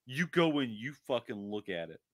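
A man's voice: medium pitch, sing-song, moderate pace, crowd noise. A man co-hosting a podcast in casual chat, rambling with lots of filler words and cheerful swearing. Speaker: podcast co-host.

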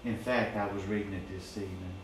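A man preaches in a slow, emphatic rhythm, stacking repeated phrases. His lowish voice rings through a very echoey church. He sounds set back from the microphone, with faint room hum behind him. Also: steady tone. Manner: emphatic, repetitive preaching cadence. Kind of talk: sermon. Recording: very echoey, distant mic.

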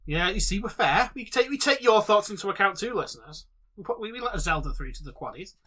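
A man with a very bright, fairly high voice hosts a casual podcast chat. He is jokey and laughs often, now and then breaking into loud shouts. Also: expressive, fast. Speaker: podcast host. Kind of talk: casual chat, reading out a game bracket.

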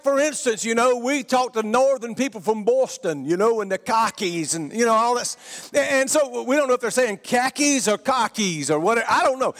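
A middle-aged man with a Southern Georgia accent preaching a sermon emphatically, his voice rising to shouts on key points. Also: very high voice. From Georgia, USA. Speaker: pastor. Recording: long reverb of a large hall.

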